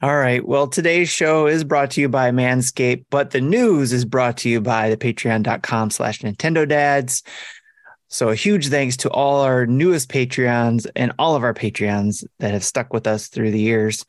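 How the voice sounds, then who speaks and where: A man's voice: mid-range voice, moderate pace, dry recording, clean studio sound. A man hosting a casual podcast, upbeat and jokey, talking over a call with his co-hosts. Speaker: podcast host.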